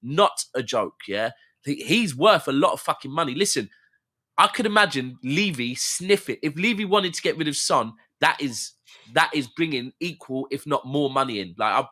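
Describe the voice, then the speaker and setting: A man's voice: on the high side, expressive, moderate pace, bright, forceful tone. A man, a co-host in a casual football chat, talking bluntly in slang and laughing along often. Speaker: podcast co-host.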